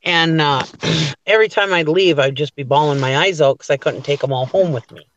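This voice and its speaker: A woman's voice: low-pitched, a little fast, lo-fi sound, a little hiss or hum. A woman in casual chat on a video call, chatty and giggly.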